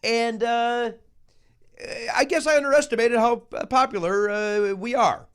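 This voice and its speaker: A man hosting a comedy podcast, rambling and mock-ranting with crude jokes and quick plugs for upcoming shows. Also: very high-pitched, fairly bright tone, clean tone. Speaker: podcast host.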